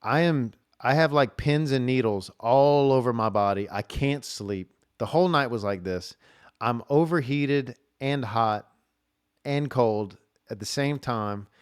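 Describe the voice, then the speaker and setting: Smooth, dry-voiced man rambling. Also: medium pitch, measured pace, no echo. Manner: rambling, says "dude" and "like" a lot. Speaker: podcast host. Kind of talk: casual storytelling.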